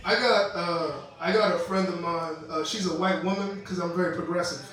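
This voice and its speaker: A man's voice: high-pitched, steady tone, normal speed, heavy reverb, distant mic, a crowd in the background, poor audio. A young man performing a stand-up comedy set, telling stories with quoted voices and laughing asides on a club stage.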